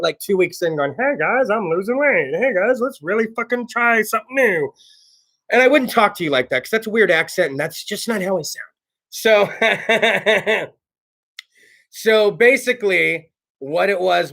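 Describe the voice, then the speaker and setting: Talk show host, male, 30s; bright, high voice; crude, swaggering monologue. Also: vocal fry. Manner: brash, swears constantly, laughs at own jokes. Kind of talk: casual profane monologue.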